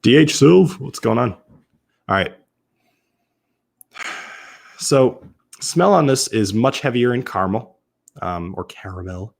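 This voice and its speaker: A man's voice: medium pitch, sing-song, slow, creaky, long pauses, darkish tone. A man from Massachusetts hosting a casual live-stream whiskey tasting, chatting loosely, often restarting and correcting himself as he answers viewers. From Massachusetts, USA.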